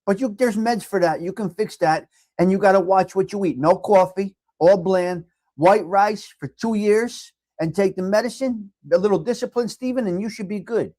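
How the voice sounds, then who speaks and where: A middle-aged man with a New York accent hosting a casual live chat, giving blunt, profane tough love to viewers and swinging from low mutters to loud outbursts. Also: normal speed, few pauses, dry recording, studio quality. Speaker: livestream host reading chat.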